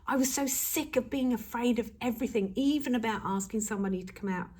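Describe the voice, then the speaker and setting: A woman's voice: on the high side, quick pace, darkish tone, husky. A woman speaking as a self-help coach in an earnest, emphatic motivational talk, repeating key words for stress.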